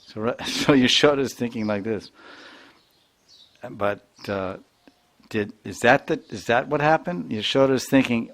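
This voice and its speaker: A man, a spiritual teacher, narrating a devotional story in an animated lecture. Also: mid-range voice, measured pace, long pauses.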